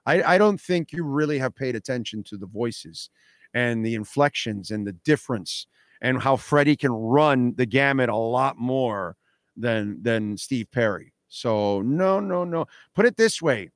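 A man's voice: mid-range voice, animated, unhurried, dry recording. A man hosting a radio show, talking casually and emphatically, often repeating himself as he argues a point. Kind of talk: casual talk radio chat.

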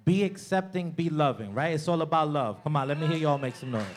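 A man doing a stand-up comedy set in a club, loud and profane, working the crowd and mocking people with impressions. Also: a little high, fast, background noise.

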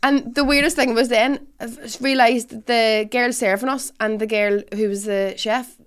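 A woman's voice: a little high, steady tone, normal speed, clean tone. A woman in casual podcast chat, blunt and sweary, with dry humour.

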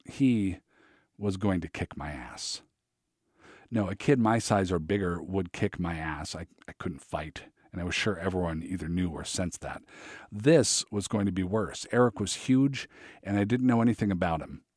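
A man narrating his memoir in a measured, reflective way. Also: sits low, a little mellow, dry recording, studio quality.

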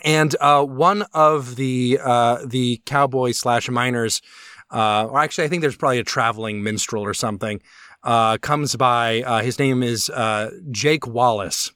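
A man's voice: medium pitch, measured pace, fairly bright tone, clear, resonant tone, no room sound. Chatty man with a dry, close sound. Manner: enthusiastic, rambling with frequent restarts and fillers. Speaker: podcast co-host. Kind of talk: casual chat.

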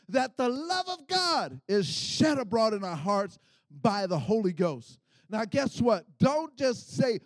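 A middle-aged man preaching a sermon, calling for responses from the congregation and swelling into shouts. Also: high-pitched, dry recording.

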